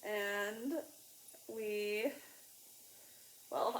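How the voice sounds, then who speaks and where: A young woman casually telling a family story alongside her husband, chatty and quick to laugh. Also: mid-range voice. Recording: echoey room with faint noise.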